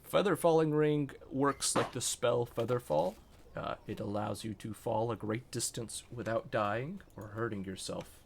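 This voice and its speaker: A young man narrating as game master of a tabletop game, relaxed and full of ums. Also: mid-range voice, creaky, a little hiss or hum. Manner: relaxed, many ums, slow when voicing shopkeepers.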